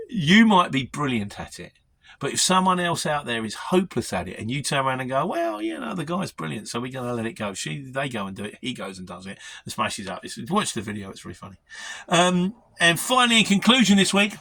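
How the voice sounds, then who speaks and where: A man's voice: medium pitch, sharp tone, slight background noise. A middle-aged man with a London Mockney accent, chatting casually and self-deprecatingly as he answers viewer questions on his vlog. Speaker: lorry driver vlogger.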